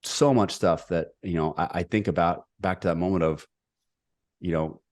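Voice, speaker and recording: A middle-aged man telling a personal story as a podcast guest, energetic and emphatic. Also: low voice, moderate pace. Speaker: podcast guest, executive coach.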